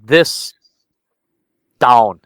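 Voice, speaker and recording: A man in a casual podcast chat, halting and searching for words, upset but still joking. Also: fairly bright tone, no echo.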